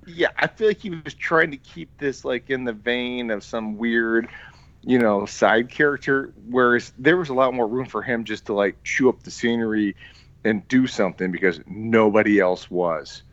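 A man's voice: mid-range voice, normal speed, fairly bright tone, dry recording. Brief: dry-witted contrarian male co-host, close and dull-sounding. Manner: sarcastic, contrarian, joking. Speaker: podcast co-host. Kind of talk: casual movie-review chat.

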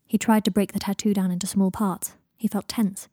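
A woman narrating a fan fiction audiobook in a quiet, steady reading voice. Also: mid-range voice, brisk, dry recording, clean studio sound.

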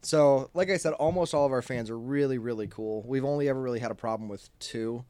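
A man talking as a guest in a podcast interview, telling animated stories, acting out quoted arguments with a raised voice and swearing freely. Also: mid-range voice, fast, clear, resonant tone, no room sound. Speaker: guest, toy company founder. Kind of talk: casual storytelling in a podcast interview. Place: office or studio.

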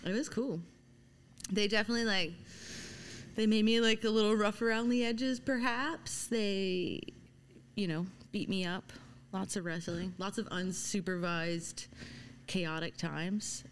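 A woman's voice: medium pitch, fairly even intonation, a little slow, smooth. A woman with a mild Southern accent from Louisiana, chatting casually as a podcast guest in a laid-back way full of fillers. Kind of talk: casual chat.

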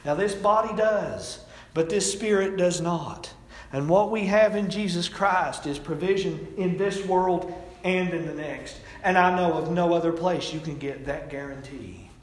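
A man's voice: sits high, unhurried. A middle-aged man preaching a sermon, telling folksy stories with rising and falling emphasis. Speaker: pastor. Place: church sanctuary. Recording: echoey hall, distant mic.

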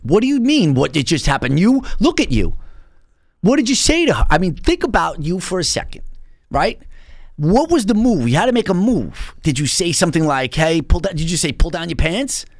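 A middle-aged male host interviewing a guest in a dry room. His voice is a bit high and very animated in pitch. He fires off probing, teasing questions one after another. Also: moderate pace, dry recording. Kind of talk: casual interview.

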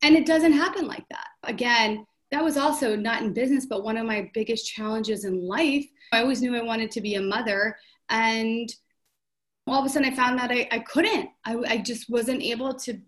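A woman's voice: on the high side, fairly bright tone. A woman in her forties, a showroom CEO, speaking openly and reflectively in a conversational interview. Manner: open, reflective storytelling. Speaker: showroom CEO, podcast guest.

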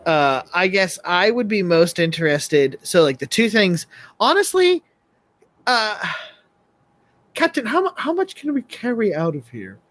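Guy with a kinda high voice at a tabletop game, rambly, keeps restarting his sentences. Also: sing-song, unhurried, fairly bright tone. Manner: rambling and hesitant, many restarts. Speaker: player. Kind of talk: casual tabletop game chat.

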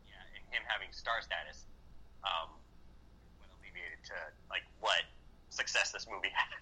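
A man co-hosting a casual movie-review podcast, excitable and profane, often acting out lines from the film. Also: low voice, moderate pace, slightly rough, rough recording. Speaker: podcast co-host.

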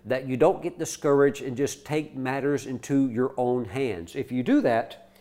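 Animated storytelling male preacher. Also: mid-range voice, moderate pace. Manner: animated storytelling with quoted voices and restarts. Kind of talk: sermon.

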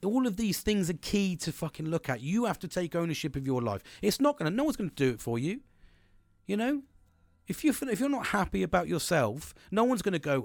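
A man's voice: a little high, very animated, fairly quick, creaky, no echo. A man in his thirties hosting a solo motivational podcast, talking energetically, rambling and swearing often. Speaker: podcast host.

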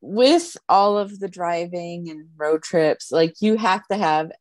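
A woman hosting a casual podcast, asking questions in a relaxed way, full of fillers. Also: lowish voice, slow pace, no room sound. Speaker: podcast host.

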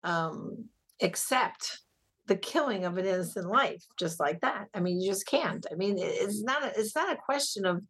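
A woman's voice: medium pitch, lively intonation, normal speed, a bit bright, slightly rough. A middle-aged woman, a guest on a radio talk show, speaking emphatically and telling stories with animation. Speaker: guest, pro-life ministry director.

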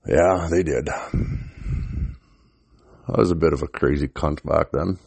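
A man's voice: very deep voice, a little slow, vocal fry, darkish tone, no echo. A middle-aged man casually telling an old story, swearing freely and chuckling as he rambles.

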